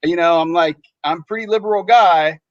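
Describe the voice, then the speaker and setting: A man's voice: high-pitched, brisk, no room sound. A man, a podcast co-host, telling a story in casual chat and acting out other people's lines in shifting voices. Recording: dull lo-fi sound.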